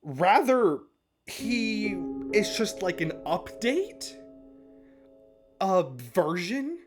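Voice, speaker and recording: Chatty fairly high-voiced man recapping. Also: sing-song, extremely slow. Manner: chatty, laughs often, swears casually. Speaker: podcast-style episode analyst. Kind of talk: casual recap and commentary. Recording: music playing underneath.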